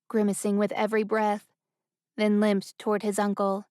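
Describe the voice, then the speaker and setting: A woman narrates a fantasy novel at a steady, even pace. Her voice is smooth and resonant at a middle pitch. The recording is dry and close, with no room sound. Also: normal speed, no room sound. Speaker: audiobook narrator. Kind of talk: scripted narration.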